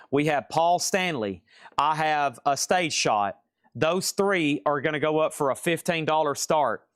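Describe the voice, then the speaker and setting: A man hosting a live vinyl record sale stream from a record shop, calling prices in joking, rapid-fire patter and repeating his lines. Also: a little high, fairly bright tone, no echo, studio quality.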